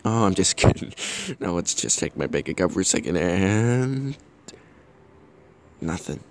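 A man hosting a podcast, giving a deadpan comedy monologue with jokey murmured asides. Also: low-pitched, normal speed. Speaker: podcast host.

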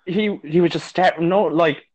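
A man's voice: on the high side, normal speed, darkish tone, low-quality recording. A man from Mexico speaks English with a British-sounding accent, a guest in an easygoing chat about games. His delivery is dry and understated, with frequent small hesitations. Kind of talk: casual gaming chat.

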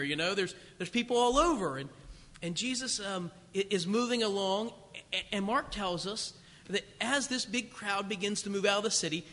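A man preaching a sermon, telling the story in a conversational, animated way. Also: sits high, big-room sound.

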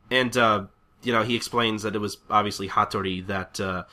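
Podcast guy recapping a manga, super bright voice, stammers a lot. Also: lowish voice, a little fast. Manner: stammering, animated retelling with laughs. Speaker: podcast co-host. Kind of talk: casual comic recap chat.

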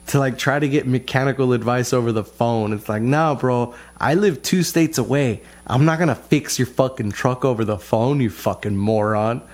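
A man's voice: mid-range voice, a little mellow. Male vlogger, frustrated rambling storyteller, profane and loose. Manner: profane, frustrated, rambling with many restarts and fillers. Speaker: vlogger telling a family story. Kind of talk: casual rambling monologue. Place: lives in Texas.

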